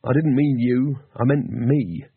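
A man playing a worn-out, jittery male wizard in a storybook reading, exasperated and on edge. His voice is husky, and the sound comes through thin and tinny like a phone line, dry and close. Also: medium pitch, a little slow, no echo. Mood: weary. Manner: weary, exasperated, nervous. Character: weary, anxious cowardly male wizard. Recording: tinny narrow-band recording.

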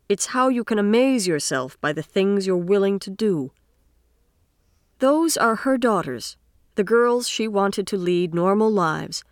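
In clean studio audio with no room sound, a woman with a mid-range voice narrates an audiobook. Her scripted storytelling is measured and expressive.

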